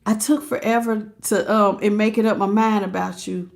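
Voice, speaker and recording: A woman voicing a hesitant lover who confesses through a tarot reading, soft and halting. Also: medium pitch, fairly even intonation, gravelly, lightly acted. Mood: confessing.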